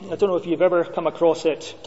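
Preacher, high and mellow. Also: male voice, steady tone, quick pace. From Scotland. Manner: storytelling, conversational with rhetorical questions. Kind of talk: sermon. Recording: dull lo-fi sound with long reverb.

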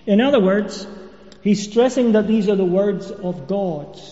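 A man delivers an evening sermon, working through his points in a measured teaching style. His voice sits high and mellow. The sound is dull and carries a long echo, as in a church hall. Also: animated. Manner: measured expository preaching with fillers. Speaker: preacher.

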